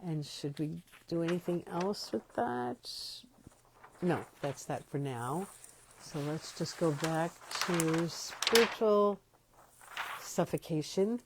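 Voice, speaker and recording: A woman hosting a spiritual podcast, talking reflectively in slow, pausing speech and correcting herself as she goes. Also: low voice, noisy background. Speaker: podcast host. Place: home, moved from New York to Los Angeles.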